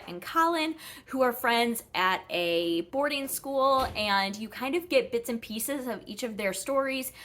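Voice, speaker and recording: A woman's voice: on the high side, a bit bright. A woman chatting casually through her monthly book reviews, rambling with frequent ums and self-corrections. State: a little out of breath.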